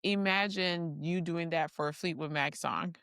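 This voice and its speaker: Woman co-host, lowish voice, chatty storyteller, dry sound. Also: a little slow, vocal fry, fairly bright tone, no echo. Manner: chatty storyteller, laughs through her stories. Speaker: podcast co-host. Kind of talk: casual chat.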